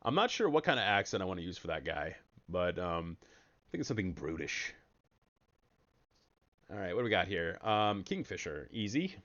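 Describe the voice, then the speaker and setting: A man giving casual, jokey commentary while streaming a card game, breaking into sudden high excited yelps. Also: normal speed, long pauses, dull audio.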